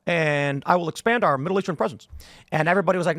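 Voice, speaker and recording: A man in his thirties rattles through political talk at a very fast clip. He tells his stories with animation, slipping into quick impressions of other people. His voice sits a little on the high side, and the studio sound is close and dry. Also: lively intonation, fairly bright tone, dry recording. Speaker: podcast host. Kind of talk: casual political talk show chat.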